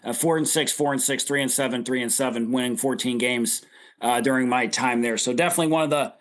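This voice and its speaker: A man's voice: mid-range voice, quick pace. A man hosting a sports talk panel, upbeat, turning to guests one by one. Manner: upbeat, asks guests in turn. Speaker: podcast host.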